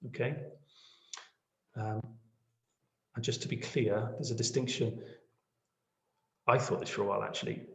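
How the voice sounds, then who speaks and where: A man's voice: mid-range voice, fairly even intonation, normal speed, gravelly, long pauses, fairly bright tone. A man running a webinar tutorial on podcast editing, chatty and self-deprecating, often checking in with the audience. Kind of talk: screen-share webinar tutorial. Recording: echoey room.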